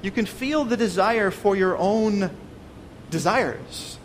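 A man's voice: high-pitched, expressive, slow. A man preaching a sermon, earnest and pleading, often stumbling over repeated words. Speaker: pastor. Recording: long reverb, faint noise.

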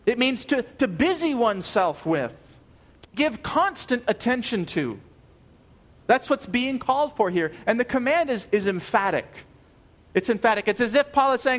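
A man delivering a sermon in a notably high voice. He speaks earnestly and with emphasis, repeating key phrases. His phrase endings drop low and soft. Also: lively intonation, normal speed. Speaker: pastor.

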